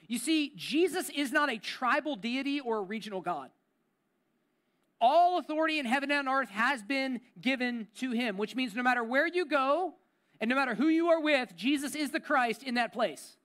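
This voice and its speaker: A man preaching a sermon as a pastor, conversational and emphatic, repeating key phrases and sinking into a low, intense tone. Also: lively intonation, normal speed, fairly bright tone.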